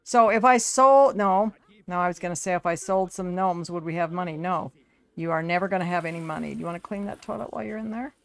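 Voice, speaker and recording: A woman with a somewhat low voice runs casual commentary over her game. She talks to the characters on screen as if fussing over her own kids. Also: fast, vocal fry. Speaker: gaming video creator.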